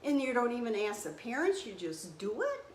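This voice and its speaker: An older woman with a slightly high voice talks earnestly to camera, growing emotional and indignant as she goes. The sound is roomy and echoey, with a faint hum of ambience underneath. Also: very animated, moderate pace. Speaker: registered nurse. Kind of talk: impassioned monologue to camera.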